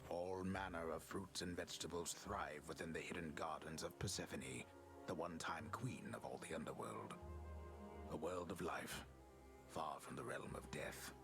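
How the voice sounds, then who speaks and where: Deep hushed mythic narrator. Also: male voice, moderate pace, music in the background. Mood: solemn. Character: solemn male storyteller narrating myth. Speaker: game narrator. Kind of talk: scripted game narration.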